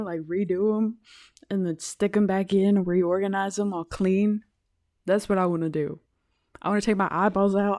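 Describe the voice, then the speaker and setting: Rambling young woman podcasting solo. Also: mid-range voice. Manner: rambling, restarts sentences, laughs at herself; often trails off quietly. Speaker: podcast host. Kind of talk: casual solo podcast chat.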